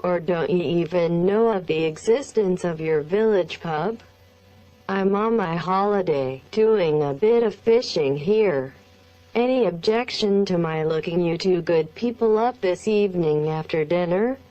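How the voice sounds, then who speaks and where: A text-to-speech woman's voice reading the lines of a formal, stiff man speaking on the phone, in a slow, flat machine delivery. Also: sits high, highs cut off.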